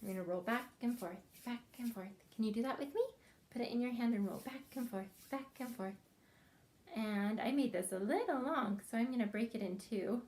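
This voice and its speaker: A woman teaching a preschool craft lesson, speaking slowly, gently and encouragingly to young children as they follow along. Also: on the high side.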